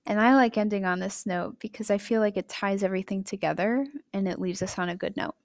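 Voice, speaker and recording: A young adult woman hosting a podcast, chatty and candid, telling a personal story with emotive jumps in pitch and loudness. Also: steady tone, brisk. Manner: chatty and candid, addressing listeners directly. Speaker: podcast host.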